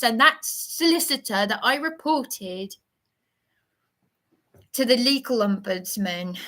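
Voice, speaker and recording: A woman's voice: fairly high pitch, bright, forceful tone. An agitated woman speaking in a rambling livestream monologue, often stammering and restarting her sentences.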